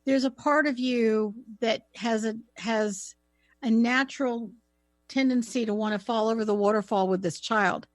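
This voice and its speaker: A woman hosting a talk radio show, giving calm, reassuring spiritual advice. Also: fairly high pitch, normal speed, no echo.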